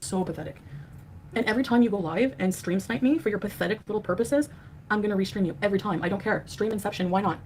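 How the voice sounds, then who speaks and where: A woman's voice: mid-range voice, fast, darkish tone, a little hiss or hum. A woman streamer in a heated livestream rant, angry and scornful, trading insults. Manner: angry, name-calling, scornful.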